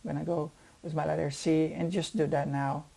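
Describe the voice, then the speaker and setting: A software tutorial instructor narrating step by step while working, thinking aloud and repeating words for emphasis. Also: medium pitch, flat delivery, a little fast, creaky.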